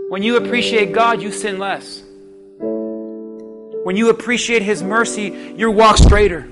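A man preaching a sermon in a church with impassioned delivery that swells and drops. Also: sits high. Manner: impassioned, rising and falling preaching. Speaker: pastor. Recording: instrument playing behind the preaching.

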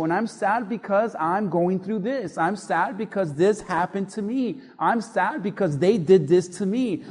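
A man's voice: sits high, a little mellow, long reverb tail. A male pastor giving a conversational sermon, acting out little quoted remarks as he goes. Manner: conversational preaching with quoted asides. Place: church.

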